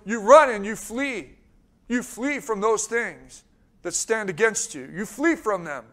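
Man, preacher, high voice, urgent repetitive delivery, scripture reading. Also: sharp tone. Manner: reads scripture with swelling emphasis. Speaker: pastor. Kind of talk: sermon.

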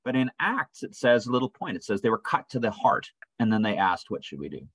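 A man's voice: mid-range voice, fairly quick, fairly bright tone, no room sound, low-quality recording. A man leading a church Bible study in a conversational way, often asking "right?" and acting out quoted voices. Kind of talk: informal Bible study teaching. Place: church room.

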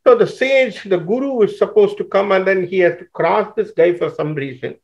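A man tells a teaching story in a fairly high voice. He talks animatedly and restarts his phrases often. The recording sounds dull and lo-fi. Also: fairly quick, few pauses. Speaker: teacher explaining scripture. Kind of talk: storytelling explanation.

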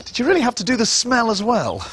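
A man presenting a children's TV show, talking to a puppet in an animated, exclaiming way. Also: very high-pitched, fast talker.

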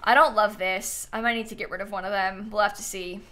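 A woman's voice: medium pitch, steady tone, a little fast, a bit bright. A young woman livestreaming a game, chatting casually and thinking aloud, sleepy and yawning as she thanks viewers. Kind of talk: casual gaming stream chat.

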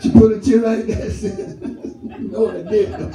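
High-voiced pastor in an echoey church. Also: male voice, flat delivery, a little slow, background noise. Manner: laughing, storytelling with call-and-response. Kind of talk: sermon. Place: church sanctuary. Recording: roomy church hall, mic at a distance, congregation audible.

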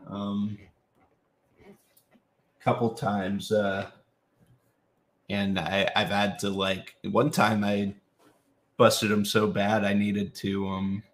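A man's voice: lowish voice, level tone, slow, long pauses. A young adult man, a voice actor, chatting casually in a live Q&A while signing autographs. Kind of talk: casual live-stream Q&A chat. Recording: roomy echo.

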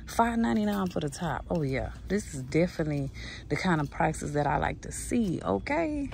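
A woman gives a chatty shopping walkthrough inside a store, her lowish voice carrying a gravelly edge. She talks straight to her viewers as "y'all," recorded on a handheld phone with faint store noise behind. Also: fairly quick, a little mellow. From Southern United States. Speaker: shopping vlogger.

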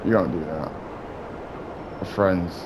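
A young man giving casual, excitable gameplay commentary, swearing and trash-talking other players. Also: low-pitched, slow pace, noisy background. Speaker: gaming YouTuber.

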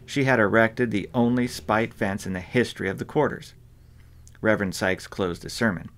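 A man narrating an audiobook in a measured, even reading voice. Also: on the low side. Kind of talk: scripted narration.

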